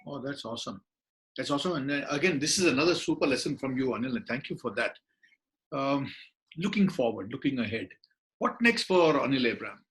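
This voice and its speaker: A man's voice: medium pitch, animated, a little fast, fairly bright tone. A man hosting an interview, enthusiastic and affirming toward his guest. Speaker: interview host.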